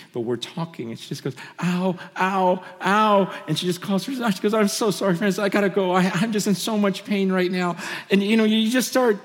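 Preaching man in an echoing hall. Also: a little high. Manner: swings between animated bursts and hushed, intimate storytelling. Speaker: pastor. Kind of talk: sermon. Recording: long reverb of a large hall.

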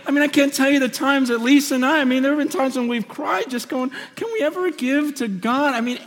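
Male preacher, fairly high voice, impassioned storyteller with lots of repeats, big hall with long reverb. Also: a little fast. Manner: impassioned, repeats himself, swings between loud and hushed. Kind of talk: sermon storytelling. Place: on a stage in a large hall.

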